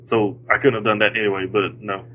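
A man co-hosting a casual podcast chat, answering in a dry, low-key way. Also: flat delivery, a little fast, narrow, tinny audio.

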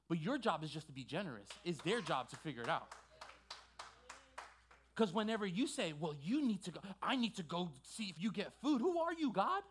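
A male pastor preaching a sermon with passion, swinging from quiet asides to loud, emphatic exhortation. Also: high voice.

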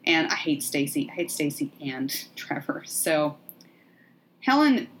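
A woman hosting a podcast, recapping a movie in a sardonic, profane, animated way. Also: low voice, unhurried, a little hiss or hum. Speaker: podcast host. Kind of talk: casual movie recap chat.

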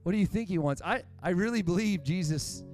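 A man's voice: high voice, lively intonation, a little fast, a little mellow, soft background music. A man preaching a sermon in a church, telling stories and acting out the quotes of the people in them. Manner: preaching with rising intensity, acts out quotes. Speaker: pastor.

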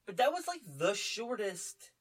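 A man co-hosting a casual film chat, chatty and quick with asides. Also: high-pitched, big pitch swings, fairly bright tone. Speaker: podcast co-host.

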